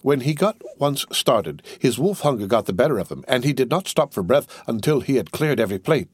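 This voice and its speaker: A man reading a novel aloud as narrator, with expressive, lively storytelling. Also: medium pitch, a little fast, husky, no echo, studio quality. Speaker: audiobook narrator.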